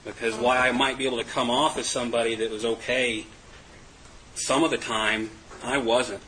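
A man's voice: medium pitch, level tone, normal speed, pushed and bright, a little hiss or hum, poor audio. A man giving a candid, self-mocking personal testimony to a group, laughing often. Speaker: recovery meeting speaker.

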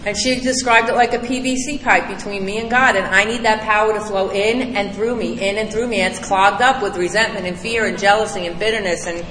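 A woman's voice: mid-range voice, fairly even intonation, a little fast, few pauses, a bit bright, slight background noise. A middle-aged woman giving a recovery meeting testimony, emphatic, blunt and salty, with rising bursts. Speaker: speaker sharing a recovery story. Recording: echoey hall with long reverb.

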